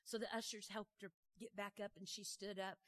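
A woman preaching a sermon, telling a story in a lively, conversational way, with folksy phrasing and questions tossed to the congregation. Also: mid-range voice, brisk. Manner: animated, conversational, asks the crowd questions.

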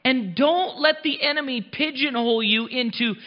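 Male pastor, high voice, chatty emphatic preaching style; long hall reverb. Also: moderate pace, few pauses. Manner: conversational, emphatic preaching, laughs at own lines. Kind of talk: sermon. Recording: long reverb, dull muffled sound.

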